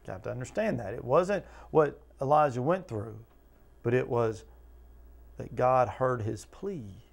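A man with a gravelly edge leads a Bible study in a plain, mid-pitched voice. He teaches in an earnest, conversational way, asking listeners question after question and acting out the people in the scripture. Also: measured pace. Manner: earnest, talks to listeners with repeated questions, acts out quotes.

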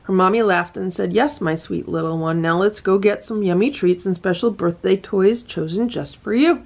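A woman reading a children's picture book aloud to her cats, gentle and sing-song, breaking off to point at the pictures. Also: mid-range voice, moderate pace, creaky. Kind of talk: storybook read-aloud with asides.

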